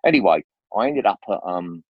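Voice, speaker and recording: A man's voice: deep voice, lively intonation, brisk, breathy edge, no echo. A man, telling stories as an interview guest in a chatty, slangy way with lots of restarts, on a dull, dry recording. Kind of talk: rambling casual storytelling.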